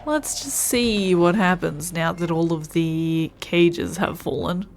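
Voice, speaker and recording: A woman's voice: lowish voice, takes it slowly, slight background noise. A woman streaming a video game, thinking aloud and musing to herself as she plays. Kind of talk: casual gameplay commentary.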